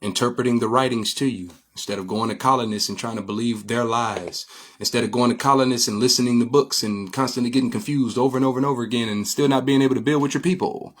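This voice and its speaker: A spiritual teacher with a fast, mid-range voice gives an informal lecture explaining images. He's preachy and repetitive, often checking whether listeners follow him by asking "get my drift?"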